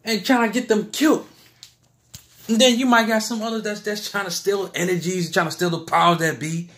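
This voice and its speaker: A man's voice: high voice, steady tone, a little fast, fairly bright tone, reverberant. A man, rambling through a heated spiritual monologue, repeating himself and ending his lines with "man". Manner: heated, repetitive, keeps saying "man" and "bull crap".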